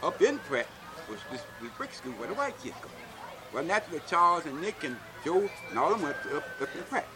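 A man's voice: fairly high pitch, big pitch swings, a little fast. An older man, telling stories from his childhood in a folksy manner and often asking "see?". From Alabama, US. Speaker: interviewee. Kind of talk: oral history storytelling.

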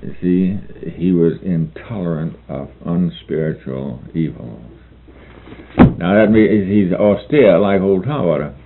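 Male reader-lecturer, deep and gravelly, unhurried, halting asides between read passages, narrow phone-like sound. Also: expressive. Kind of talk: reading a novel aloud with commentary. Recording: phone-like narrow band with faint hiss.

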